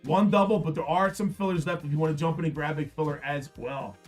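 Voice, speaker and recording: A man hosting a live card-break stream, repeating prices and hyping the product in an upbeat sales pitch. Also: quick pace, soft background music. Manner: upbeat, repetitive hype.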